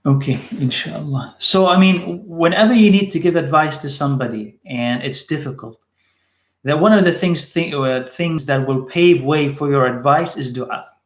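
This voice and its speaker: A man's voice: a little high, normal speed, roomy sound. A man teaching in a live question-and-answer session, repeating short phrases for emphasis.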